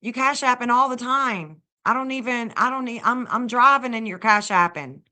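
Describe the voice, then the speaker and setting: A woman's voice: fairly high pitch, moderate pace, pushed and bright. A woman hosting a casual livestream, gushing over viewers and thanking them by name. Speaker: livestream host and astrologer.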